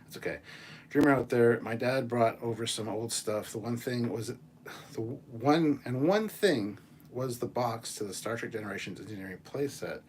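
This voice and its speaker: A man hosting a casual chat show, reading viewer messages and ranting in an animated, profane way. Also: medium pitch, normal speed, a little hiss or hum. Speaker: channel host.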